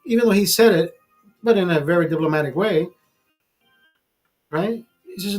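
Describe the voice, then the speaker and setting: A man's voice: sits high, moderate pace, pauses often, darkish tone, soft background music. A man hosting his own channel, delivering a heated, profane political rant full of restarts. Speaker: channel host.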